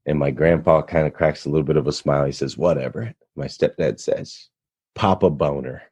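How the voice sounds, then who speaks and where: A man's voice: very deep voice, fairly even intonation, brisk, a little mellow, breathy edge. A man telling a personal story as a podcast guest, earnest and motivational, building to emphatic points. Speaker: radio show host, podcast guest.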